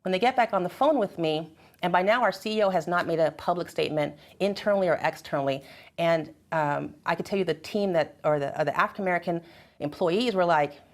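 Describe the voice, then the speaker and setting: Animated woman telling a personal story. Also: lowish voice, fast. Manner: animated, emotional retelling, acting out dialogue. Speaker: church member sharing experiences. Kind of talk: personal storytelling in a group conversation.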